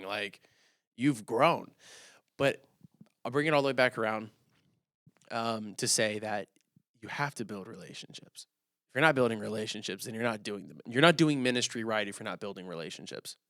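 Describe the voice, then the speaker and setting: A young man co-hosting a podcast, a youth pastor telling a story in a casual, animated way and acting out the dialogue. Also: lowish voice, a little fast, no room sound, clean studio sound. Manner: animated, acts out quoted dialogue.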